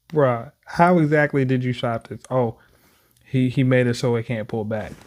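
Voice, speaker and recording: A man hosting a manga reaction, chatting casually between read-aloud lines, with animated, slangy asides. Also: medium pitch.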